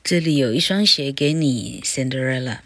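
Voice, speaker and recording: A woman reading the lines of a kind fairy godmother slowly and clearly in a storybook lesson. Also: a bass voice, fairly bright tone, dry recording, voice pushed down, exaggerated voice. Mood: kindly.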